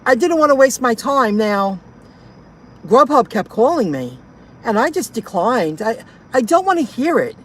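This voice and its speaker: A woman's voice: fairly high pitch, sing-song, unhurried, breathy edge. Indignant woman venting in her car. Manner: indignant, venting, repeats herself. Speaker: delivery driver vlogger. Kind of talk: casual ranting vlog.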